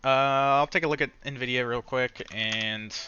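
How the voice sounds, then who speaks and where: A man's voice: medium pitch, steady tone, measured pace, bright, forceful tone, lo-fi sound. A man recapping his day of trading in a casual, frustrated rant, swearing and restarting his sentences often.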